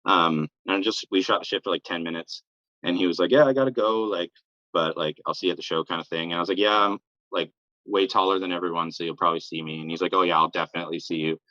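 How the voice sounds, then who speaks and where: A man's voice: low voice, flat delivery, fast talker, bright, forceful tone, dry recording, highs cut off. A young man telling a casual, rambling story as an interview guest, sprinkling "like" and swearing throughout. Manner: rambling, heavy use of "like" and swearing.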